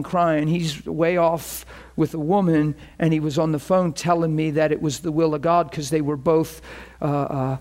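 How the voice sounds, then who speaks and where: High-pitched animated male preacher. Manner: animated, acts out phone calls with rising pitch. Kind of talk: storytelling sermon.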